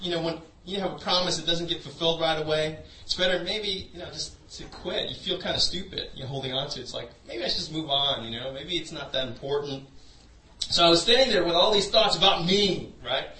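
A man's voice: a little high, fairly quick, bright, forceful tone. A man preaching a sermon through a personal story, in a loose conversational way full of "you know". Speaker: pastor. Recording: echoey room, voice from a distance.

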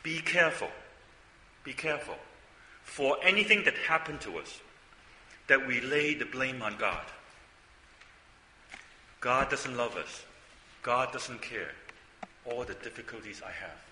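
An older man preaches in a chatty, storytelling way, tossing out rhetorical questions. His voice is bright and sharp, and it rings through a roomy hall with a long reverb. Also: medium pitch, expressive, a little slow, pauses often, a little hiss or hum. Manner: conversational storytelling, frequent asides and rhetorical questions. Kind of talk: sermon.

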